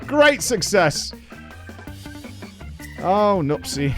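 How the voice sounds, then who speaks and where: A man's voice: fairly high pitch, sing-song, normal speed, soft background music. A man streaming an online game, chatting casually with teammates and viewers, joking and swearing as he cheers them on.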